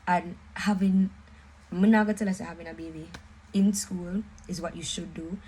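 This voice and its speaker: Woman, Jamaican accent, young adult, casual storytelling, animated, mellow tone. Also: lowish voice, moderate pace, breathy edge, low-quality recording. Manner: animated, emphatic, mixes patois and English. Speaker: vlogger.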